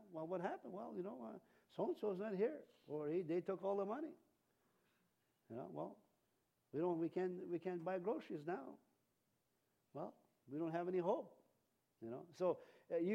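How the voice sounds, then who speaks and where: A man's voice: sits high, warm tone, muffled recording. A man preaching an informal sermon in a church, rambling and breaking off mid-sentence, chuckling at his own asides. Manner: rambling, self-interrupting, chuckling often. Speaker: pastor.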